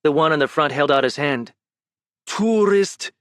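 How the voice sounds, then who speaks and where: A man reading fantasy fiction as an audiobook narrator, measured and even. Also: a little high, smooth, no room sound, studio quality.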